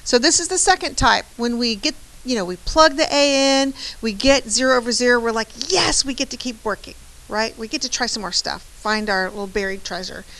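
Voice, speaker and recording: A woman's voice: on the high side, brisk, few pauses, a bit bright, low-quality recording. A woman math teacher giving a chatty, encouraging lecture, often checking in with "right?". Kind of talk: classroom lecture.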